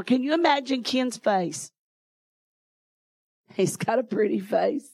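A woman's voice: on the high side, lively intonation, slow, creaky, pauses often, darkish tone, no echo, clean studio sound. A woman preacher, telling a folksy testimony in her sermon and laughing often.

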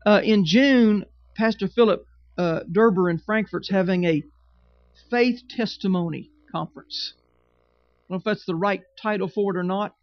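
A man's voice: high-pitched, normal speed, no echo, lo-fi sound. A man preaching a sermon with emphatic, repetitive phrasing and humorous asides. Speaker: pastor.

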